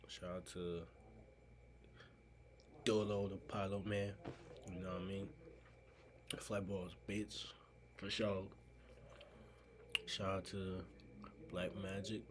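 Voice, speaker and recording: A man's voice: sits low, little pitch movement, takes it slowly, long pauses, a crowd in the background. A man recording a casual reaction video, talking in a laid-back, slangy way and swearing freely.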